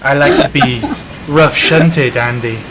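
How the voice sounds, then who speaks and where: A man voicing a cheeky, playful female tank engine, talking loudly and mock-sweetly on a noisy live stream. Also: mid-range voice, slow, a loud crowd, close to an everyday voice.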